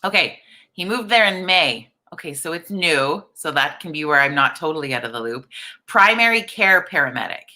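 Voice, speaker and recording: A woman in her forties hosting a live online coffee chat, chatty and upbeat, greeting viewers and chatting with a croaky morning voice. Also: deep voice, lively intonation, moderate pace, sharp tone. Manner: chatty, upbeat, reads viewer comments aloud. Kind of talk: casual live-stream chat.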